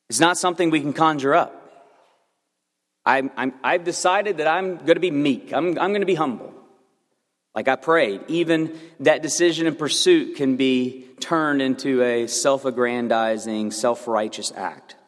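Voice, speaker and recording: A man in his thirties preaching a sermon as pastor, earnest and building to fervent emphasis. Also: mid-range voice. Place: church sanctuary. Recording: long reverb of a church hall.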